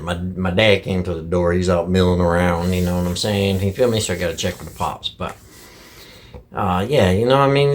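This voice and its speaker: A middle-aged truck driver from Michigan, ranting casually to camera in blunt, heavily profane speech full of folksy slang. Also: male voice, low voice. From Michigan, USA.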